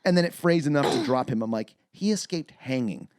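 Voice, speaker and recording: A man co-hosting a casual movie review podcast, retelling scenes in a sweary, animated way with acted-out quotes. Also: medium pitch, a little fast, dry recording, studio quality. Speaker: podcast co-host.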